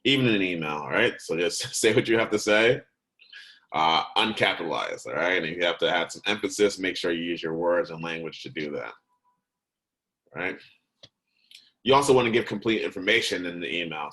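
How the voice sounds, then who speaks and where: A teacher with a very low, fairly bright voice guides students through a recorded lesson, captured on a rough recording. He stays conversational, dropping "right?" and "okay?" every few sentences, and now and then breaks off mid-word to correct himself.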